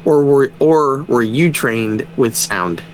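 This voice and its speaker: A man, a father of young kids, in casual podcast chat, telling animated stories, swearing freely and laughing often. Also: mid-range voice, slow pace, low-quality recording. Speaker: podcast co-host.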